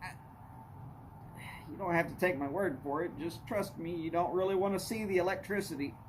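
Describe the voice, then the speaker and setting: A man's voice: high-pitched, a little fast, noisy background. A middle-aged man hosting a live stream, chatting casually and telling rambling jokes and stories. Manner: rambling, joking storyteller.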